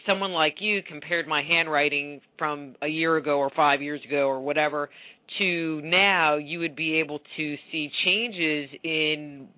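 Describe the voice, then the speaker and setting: A woman's voice: low-pitched, sharp tone, dry recording, highs cut off. A woman hosting a radio interview, asking questions casually and searching aloud for her words. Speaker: radio show host.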